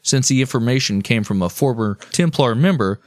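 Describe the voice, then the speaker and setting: A man's voice: mid-range voice, expressive, brisk, dry recording. A man hosting a casual podcast, telling history in a profane, jokey way. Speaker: podcast host.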